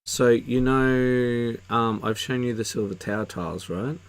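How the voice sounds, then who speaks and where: A man's voice: mid-range voice, a little slow, clear, resonant tone. A man with a sick voice chatting casually on a live stream, rambling with many fillers and restarts. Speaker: co-host reviewing miniatures.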